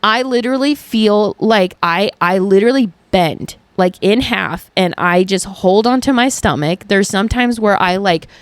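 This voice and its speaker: A young woman talks straight into the mic in a dry, close recording with no room sound. She hosts her own show and chats casually and frankly, swearing freely. Her talk is animated and packed with fillers and restarts. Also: mid-range voice, normal speed, few pauses, dry recording. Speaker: podcast host. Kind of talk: casual solo chat.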